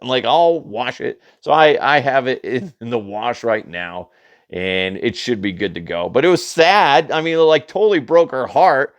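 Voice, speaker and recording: A man hosting a comedy news podcast, telling funny stories in a chatty, animated way and laughing at his own jokes. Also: mid-range voice, normal speed, no room sound, muffled recording. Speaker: podcast host. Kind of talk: casual comedic storytelling.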